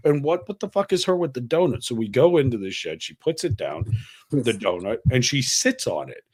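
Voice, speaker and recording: A man co-hosting a casual podcast, telling a wild travel story in a profane, animated way and acting out the voices of the people in it. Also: mid-range voice, brisk. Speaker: podcast co-host.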